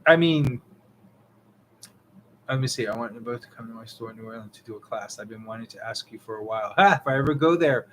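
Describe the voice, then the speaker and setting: A man's voice: mid-range voice, quick pace, background noise. A man co-hosting a live Q&A, casually reading viewer comments and chatting in a laid-back way. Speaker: co-host of a witchcraft livestream Q&A.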